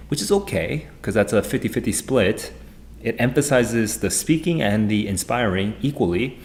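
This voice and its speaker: A man livestreams as an SAT tutor, thinking aloud in an excitable, rambling way while working through test questions at his computer. His voice leans low.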